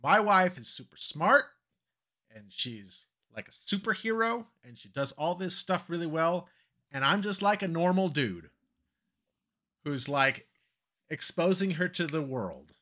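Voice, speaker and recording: A man's voice: fairly high pitch, expressive, measured pace, bright, forceful tone. A man co-hosting a podcast, chatting casually in a self-deprecating way. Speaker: podcast co-host. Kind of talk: casual chat.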